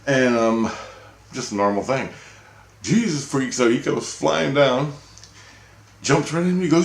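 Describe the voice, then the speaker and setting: A man's voice: mid-range voice, animated, moderate pace, creaky. A man telling a long, rambling story in casual, profane speech, often checking in with "right?". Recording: roomy echo.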